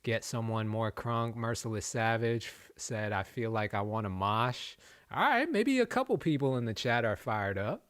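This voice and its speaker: A man in a relaxed live-stream chat, giving blunt, easygoing opinions on songs. His voice sits at an ordinary pitch for a man. It is recorded close and dry with no room sound. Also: moderate pace, no echo. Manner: laid-back, frank, laughs often, addresses chat. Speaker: host reviewing submitted music.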